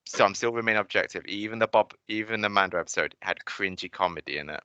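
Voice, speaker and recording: A man's voice: on the low side, fast talker, bright, forceful tone, clear, resonant tone, no echo. A man in casual review chat, blunt and exasperated, swearing freely. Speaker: podcast co-host.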